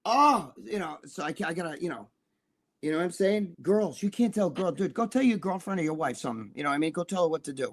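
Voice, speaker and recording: Middle-aged guy with a high voice, cussing and rambling on a live stream chat. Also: lively intonation, fast talker, darkish tone. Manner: rambling, profane storytelling. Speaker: co-host.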